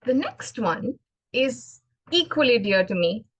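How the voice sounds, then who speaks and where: A woman giving a prepared club speech on poetry, earnest and expressive, talking in a measured way. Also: on the high side, slightly rough, no echo, poor audio. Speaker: club speaker.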